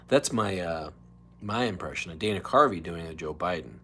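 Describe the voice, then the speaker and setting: A man's voice: low-pitched, sing-song, brisk, pushed and bright, breathy edge. A man hosting a casual solo live stream, chatting in a rambling way and dropping into mock whispers and voices.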